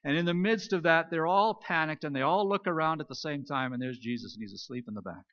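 A male pastor delivering a sermon in a storytelling way. His voice sits slightly high and swings between strong emphasis and near-whispered quiet. The recording sounds dull and lo-fi. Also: fast talker.

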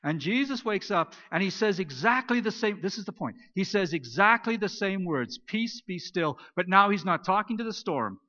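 A male pastor delivering a sermon in a storytelling way. His voice sits slightly high and swings between strong emphasis and near-whispered quiet. The recording sounds dull and lo-fi. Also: expressive, moderate pace, hardly any pauses.

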